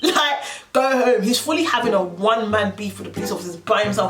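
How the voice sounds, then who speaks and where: A young woman is telling a story to camera and animating every quote she reports. The room echoes because she is set back from the mic. Music plays clearly underneath her. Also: mid-range voice, expressive, fast. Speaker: vlogger. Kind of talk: storytime vlog. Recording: roomy sound from a distance with music.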